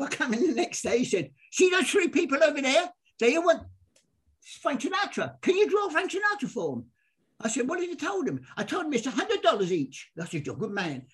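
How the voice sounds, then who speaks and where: Older man, husky, very lively pitch, storytelling guest, acts out the people in his stories. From England. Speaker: guest, sports artist.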